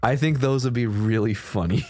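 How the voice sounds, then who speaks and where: A man's voice: medium pitch, darkish tone. A young man chatting casually on a livestream. He laughs often and swears freely. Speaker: streamer.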